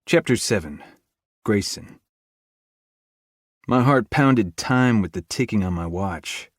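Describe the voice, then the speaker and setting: A man with a fairly low voice reads a first-person audiobook chapter and gives it a tense inner-monologue feel. The recording is dry and close. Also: expressive, takes it slowly, no echo. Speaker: audiobook narrator.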